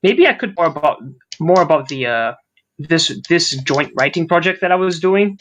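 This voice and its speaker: A man's voice: a little high, expressive, moderate pace, a bit bright, dull audio, slight background noise. A man co-hosting a podcast in casual chat, rambling and sarcastic, swearing casually. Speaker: podcast co-host.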